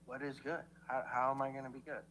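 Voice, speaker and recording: A man's voice: mid-range voice, little pitch movement, fast, fairly bright tone, a little hiss or hum, poor audio. A man ranting in a rambling way, stammering through restarts and swearing heavily while he philosophizes at his viewers. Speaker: livestreamer in played clips. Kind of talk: rambling profane rant.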